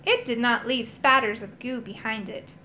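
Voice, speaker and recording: A woman reading a children's storybook aloud in an expressive, animated way. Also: on the high side, moderate pace, slight background noise. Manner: animated, voices characters. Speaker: storybook reader. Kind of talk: expressive read-aloud narration.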